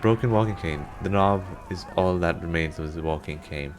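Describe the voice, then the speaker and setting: A man's voice: deep voice, moderate pace, background noise. A man from Denmark with a Danish accent, chatting casually as a streamer and reading in-game text aloud with frequent giggles. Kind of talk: casual gameplay commentary. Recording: music in the background.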